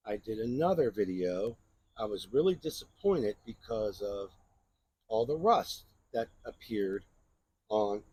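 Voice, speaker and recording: A man's voice: mid-range voice, darkish tone, husky, dry recording. A man hosting a knife channel, chatting casually in a rambling show-and-tell review and often asking "right?".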